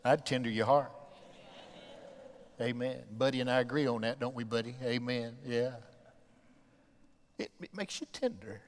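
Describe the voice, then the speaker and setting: A middle-aged man from the American South preaching a sermon as pastor, moving between soft, tender asides and loud shouted climaxes. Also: medium pitch, normal speed, pauses often. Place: church sanctuary. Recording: long reverb of a church sanctuary.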